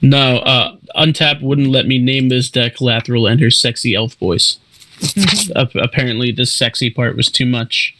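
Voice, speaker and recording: A man playing a casual card game with friends, calmly explaining his moves and teasing the others. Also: medium pitch, unhurried, dry recording, poor audio. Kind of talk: casual chat among friends.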